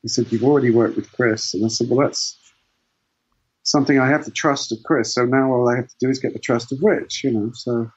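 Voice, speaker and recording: A man's voice: mid-range voice, fairly even intonation, brisk, breathy edge, dull audio. A man, a guitarist guest in an interview, telling long rambling anecdotes with many restarts. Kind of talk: casual storytelling interview.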